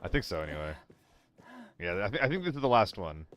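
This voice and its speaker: With a voice on the low side, big pitch swings, and a fast delivery, a young man gives casual live commentary while streaming a shooter game by himself. He's chatty and swears, talks to chat, trades banter with viewers, and jumps around topics; the tone is fairly bright with slight background noise.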